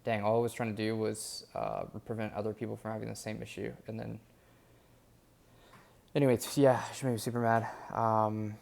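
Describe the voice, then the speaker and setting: A man's voice: lowish voice, flat delivery, moderate pace, gravelly, a little mellow. A young man talking through his day in a casual vlog, rambling and candid with lots of fillers. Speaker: vlogger documenting his days.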